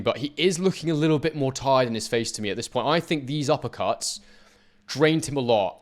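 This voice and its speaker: A man analysing boxing footage, speaking emphatically and addressing his viewers directly. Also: medium pitch. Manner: emphatic, talks straight to viewers. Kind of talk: talking over fight footage.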